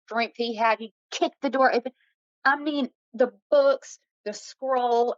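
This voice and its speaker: Woman guest in her late 30s, animated storyteller, dead dry room, dull lo-fi audio. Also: mid-range voice, no room sound. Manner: vivid, breathless retelling with many fillers. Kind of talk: casual interview storytelling. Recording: dull lo-fi sound.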